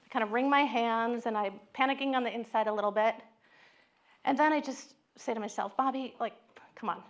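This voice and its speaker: A middle-aged woman, a psychologist, giving a talk with candid, animated storytelling. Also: fairly high pitch, a little fast.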